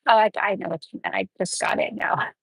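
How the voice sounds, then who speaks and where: A woman's voice: mid-range voice, fairly even intonation, fairly quick, vocal fry, fairly bright tone, breathy edge, no echo, rough recording. A woman nail tech running a live tutorial, chatting and explaining each step while she works.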